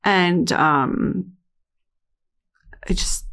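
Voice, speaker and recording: A woman, a mother and interview guest, telling a painful family story in a halting way, full of restarts and fillers. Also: fairly low pitch, gravelly, a bit bright. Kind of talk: emotional personal storytelling.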